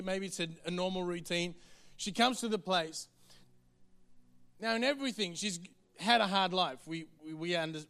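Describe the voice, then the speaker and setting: A man's voice: high voice, fairly bright tone, clean tone. A man preaching a sermon in an earnest, conversational way. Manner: earnest, conversational, quick to the point.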